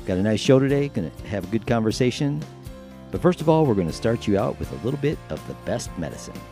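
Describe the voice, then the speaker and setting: A man hosting his own podcast, telling jokes casually and popping into character voices and shouted punchlines. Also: fairly low pitch, very animated, fast talker, faint music behind. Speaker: podcast host.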